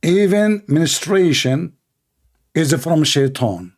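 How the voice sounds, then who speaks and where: A man's voice: on the high side, expressive, slow. A man giving mocking, exasperated commentary, sarcastic and laughing. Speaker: religious debate commentator.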